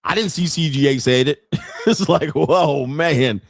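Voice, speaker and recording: A man's voice: on the high side, lively intonation, normal speed, no echo, clean studio sound. A man hosting a podcast, ranting bluntly and profanely about dating, with a mocking tone and frequent laughs. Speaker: podcast host and dating commentator. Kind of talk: casual podcast rant.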